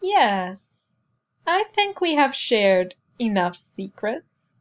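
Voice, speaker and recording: A woman narrator puts on a wise and fierce old woman elder from a storybook, her voice lifted high and her words drawn out slowly like a ritual. She speaks with solemn weight, and the recording sounds slightly dull and lo-fi. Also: very animated, exaggerated voice. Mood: warm, fierce. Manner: slow, solemn intoning.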